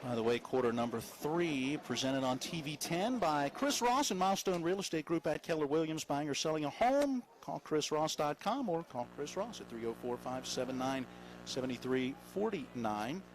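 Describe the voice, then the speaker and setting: A man with a West Virginian accent calling a high school football game live, reading sponsor spots between plays and climbing in pitch on big plays. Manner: fast, rising excitement on big plays, chatty asides. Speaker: play-by-play announcer. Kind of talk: live sports commentary with sponsor reads.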